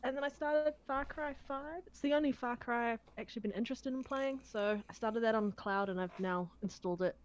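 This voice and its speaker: A woman's voice: fairly high pitch, fairly quick, few pauses, dull audio. A woman on a gaming podcast panel, chatting with many fillers. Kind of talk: casual chat.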